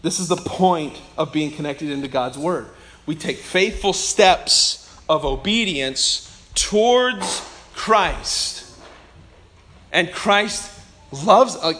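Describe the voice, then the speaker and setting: A man preaching a sermon as pastor, emphatic and swinging between loud declarations and soft asides. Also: high-pitched.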